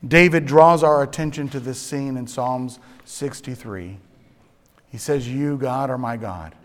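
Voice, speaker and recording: A man delivers a sermon, moving dramatically between quiet, low phrases and loud, emphatic ones while drawing key words out slowly. The long reverb of a large hall fills the recording.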